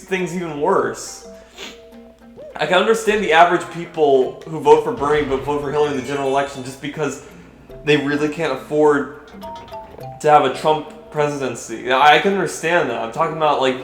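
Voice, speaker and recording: A man's voice: on the high side, a bit bright. A young man vlogging while playing a game, rambling and hesitant with many restarts, and swearing when he gets irritated. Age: young adult. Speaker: gaming vlogger. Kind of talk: rambling commentary over gameplay. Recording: roomy echo with faint game music.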